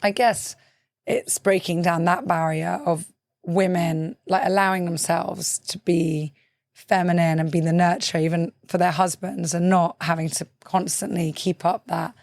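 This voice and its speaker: Woman, podcast host, thoughtful, gently probing, lowish voice, dry close sound. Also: steady tone, measured pace, vocal fry, no room sound. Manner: thoughtful, gently probing, many "um" and soft "mm-hmm" responses. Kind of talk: interview.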